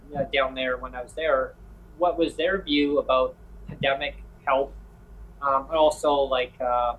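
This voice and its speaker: A man with a fairly high, slightly bright and somewhat rough voice rambles through a travel story in casual conversation, acting out dialogue from the people he met. The recording quality is low.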